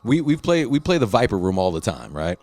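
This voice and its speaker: A man's voice: fairly low pitch, sing-song, brisk, darkish tone, no echo. A man telling stories in a casual chat, rambling and swearing, often doing other people's voices. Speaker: podcast host and musician.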